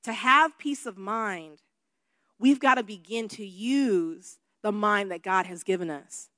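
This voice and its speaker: A woman who is a worship leader preaching a sermon to a congregation, switching between soft talk and loud shouted emphasis. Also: medium pitch, slow, dry recording. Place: church room with a congregation.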